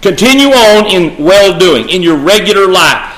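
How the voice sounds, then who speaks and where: A man's voice: sits high, expressive, moderate pace, fairly bright tone. Emphatic male preacher in an echoey room. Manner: emphatic, repeats key phrases, addresses the congregation directly. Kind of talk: sermon.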